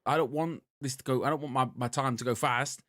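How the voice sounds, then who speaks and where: A man's voice: mid-range voice, fairly even intonation, a little fast, a bit bright, no room sound, studio quality. A man with a northern English accent co-hosting a podcast, rambling through a story with restarts and swearing. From northern England. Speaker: podcast co-host. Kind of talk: casual chat.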